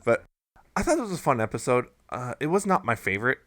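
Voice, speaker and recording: A man's voice: medium pitch, very animated, fast, a bit bright, dry recording. A man co-hosting a fan podcast, giving frank, hedging opinions in casual chat. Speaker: podcast co-host.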